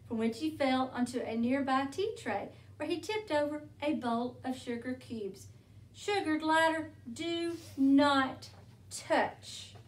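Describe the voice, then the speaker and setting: Slow-reading woman storyteller, roomy sound. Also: high voice, a little hiss or hum. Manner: gentle, unhurried storytelling. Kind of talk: picture-book read-aloud. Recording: roomy, from a distance.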